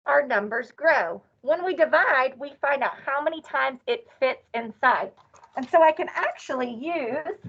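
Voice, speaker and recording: A high-voiced woman leads an online class, chanting and cheering in a playful, sing-song manner. The recording sounds dull and lo-fi. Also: a bit bright. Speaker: teacher. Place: classroom or office.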